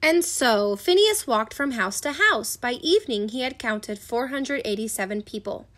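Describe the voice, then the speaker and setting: A woman reading a storybook aloud with an expressive storytelling cadence. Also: fairly high pitch, normal speed. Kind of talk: storybook read-aloud narration.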